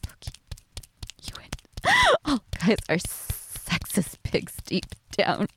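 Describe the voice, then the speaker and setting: A woman voicing a submissive, flustered young housewife in an adult audio role-play, breathy and pleading. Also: very high voice, a bit bright, slight background noise, heavily acted.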